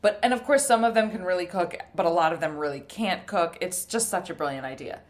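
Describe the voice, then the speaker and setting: A young woman co-hosting a food podcast in casual chat, telling animated stories, swearing and laughing often. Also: on the low side, brisk. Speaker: podcast co-host.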